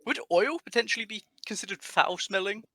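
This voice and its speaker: A man in a tabletop game session, asking questions in a halting, stop-start way. His voice is high and bright, recorded close and dry with no room sound. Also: no echo. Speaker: player.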